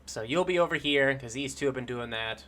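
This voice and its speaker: A man running a tabletop game as game master, in a relaxed, rambling way with lots of fillers. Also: mid-range voice, a little fast, slight background noise.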